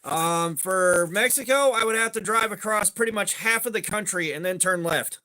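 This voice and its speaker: A man's voice: sits high, moderate pace, pushed and bright. A man, rambling in casual livestream chat, greeting viewers by name and swearing offhandedly. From southeastern United States. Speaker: livestream host.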